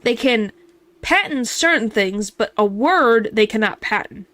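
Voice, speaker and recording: A woman's voice: fairly high pitch, expressive, a little slow, a bit bright, dry recording. A woman streamer giving casual gameplay commentary, chatty and joking as she reads game dialogue aloud.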